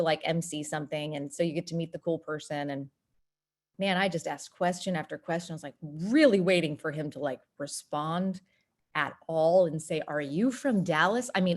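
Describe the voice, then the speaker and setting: A woman from North Texas, presenting an online workshop and acting out quotes in lively voices. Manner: animated, acts out quoted voices with big pitch jumps.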